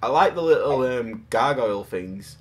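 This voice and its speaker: A man's voice: medium pitch, lively intonation, moderate pace. A man hosting a casual chat about collectible statues, rambling and joking at his own expense. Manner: rambling, self-deprecating, jokey. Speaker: podcast host.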